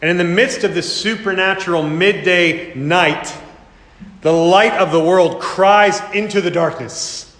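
A man's voice: high voice, unhurried, a bit bright. A man preaching a sermon as pastor, earnest and dramatic, sometimes putting on mocking voices. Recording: echoey hall with long reverb.

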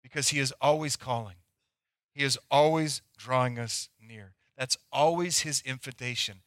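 A male pastor preaching a sermon, moving between loud acted pleas and near-whispers. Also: mid-range voice, normal speed, no room sound, studio quality.

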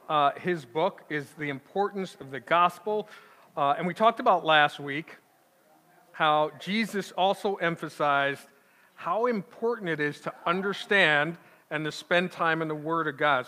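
His voice is high-leaning, pushed, and bright as he preaches a sermon as a pastor. He talks conversationally, with asides and restarts, and the church sanctuary gives the recording a long reverb.

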